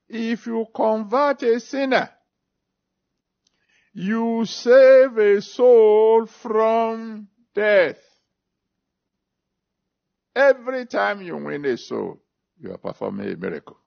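Man, preacher, sermon, slow deliberate delivery, slightly high voice, dull recording. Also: creaky. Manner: emphatic preaching with big pitch swings, slow drawn-out phrases. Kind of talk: sermon with altar call and prayer.

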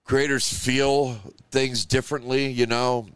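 A man's voice: mid-range voice, little pitch movement, slow, fairly bright tone, clean tone, no room sound, studio quality. A man hosting a live show, talking in a loose, emotional, rambling monologue full of "you know" and "like.". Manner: emotional, rambling, heavy on 'you know' and 'like'. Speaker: show host.

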